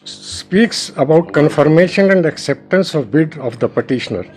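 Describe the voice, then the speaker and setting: A man's voice: a little high, lively intonation, normal speed, a little mellow, rough recording. A man with an Indian English accent arguing a case in court as an advocate. He reads legal clauses aloud, addresses the bench with deference, and sometimes halts and restarts words. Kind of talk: formal courtroom argument.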